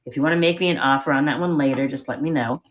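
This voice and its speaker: A woman's voice: a bass voice, rapid-fire, dull audio. A middle-aged woman selling vintage jewelry on a live stream, chatting casually and rambling as she shows each piece from a spare bedroom at home. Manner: chatty, rambling, self-deprecating. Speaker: online jewelry seller. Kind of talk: live-stream auction chat.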